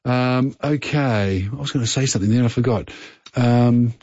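Rambling Australian radio quiz host. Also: male voice, medium pitch, normal speed, darkish tone, a little hiss or hum. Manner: friendly, rambling, with many fillers and restarts. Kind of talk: casual talkback radio chat. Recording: slightly muffled radio broadcast.

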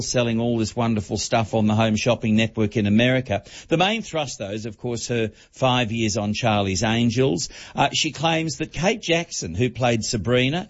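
A man giving an entertainment report on talk radio, talking quickly, with many fillers and restarts. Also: medium pitch. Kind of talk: radio chat, book review. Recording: dull broadcast audio.

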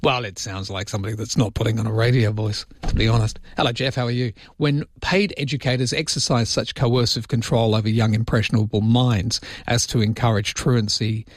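A man's voice: lowish voice, steady tone, a little fast, hardly any pauses, no echo. A man with a Welsh accent and a slight lisp, hosting talkback radio, chatty as he reads out listener texts and gives firm opinions from a studio mic. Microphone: studio microphone.

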